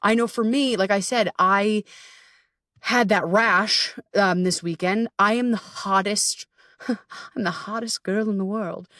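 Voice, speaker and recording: A woman's voice: medium pitch, a bit bright, no room sound, clean studio sound, recorded from a distance. A woman hosting a podcast as a coach, talking candidly and self-deprecatingly, swearing freely and laughing often.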